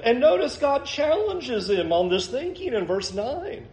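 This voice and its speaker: A male pastor with a high voice delivers a sermon at an unhurried pace. His tone is conversational, and he chuckles as he makes his points. The recording is roomy, with an echo like a church sanctuary. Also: sing-song.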